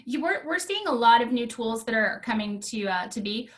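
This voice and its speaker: A woman guest, an expert trainer, explaining software tools in a practical, clear way during a video call interview. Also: a little high, animated, moderate pace. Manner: clear, practical, laughs easily. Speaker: guest, Microsoft Office trainer.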